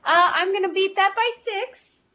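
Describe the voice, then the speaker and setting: A woman playing in a tabletop game, declaring her actions hesitantly, with many pauses. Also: extremely high pitch, sharp tone. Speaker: player. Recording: dull lo-fi audio with faint noise.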